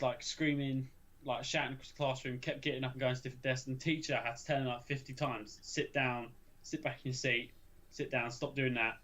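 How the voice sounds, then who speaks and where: Young man, rambling and sweary. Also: medium pitch. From England. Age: young adult. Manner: swearing, rambling storytelling with many restarts. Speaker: podcast co-host. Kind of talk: casual chat.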